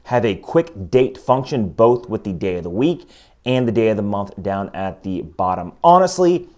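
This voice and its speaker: Guy with a lowish voice doing a chatty watch review, walks you through it step by step. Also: big pitch swings, moderate pace, darkish tone. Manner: chatty, enthusiastic, explains step by step. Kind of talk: casual product review.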